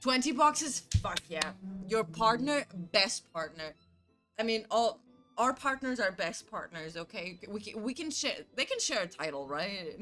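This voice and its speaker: A woman's voice: fairly high pitch, big pitch swings, moderate pace, fairly bright tone, faint music behind. A woman streamer from Canada chatting casually with her chat, telling stories animatedly, acting out both sides and swearing freely.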